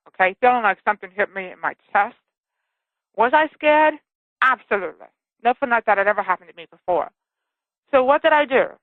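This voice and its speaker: A woman author telling a personal story as an earnest guest, often checking in with a quick "okay?". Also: medium pitch, no echo. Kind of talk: phone interview, personal story. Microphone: telephone. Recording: tinny phone line.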